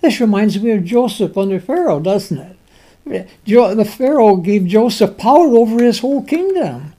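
A man preaching a sermon and reading scripture in King James wording. He speaks emphatically, with dramatic pauses and sudden swings between loud and soft. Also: high voice, animated.

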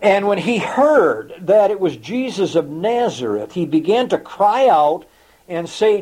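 Guy preaching a sermon real slow, mellow voice, big swoops in pitch, goes almost whispery at times. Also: big pitch swings, poor audio. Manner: slow, dramatic delivery dropping to near whispers; reads quotations in old-fashioned scripture wording. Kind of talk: sermon reading and explaining scripture.

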